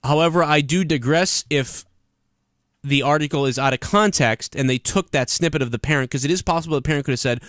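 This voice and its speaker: Male wrestling commentator with a somewhat high voice, ranting and swearing into a dry mic. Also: a little fast, a bit bright, no echo. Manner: profane, heated ranting.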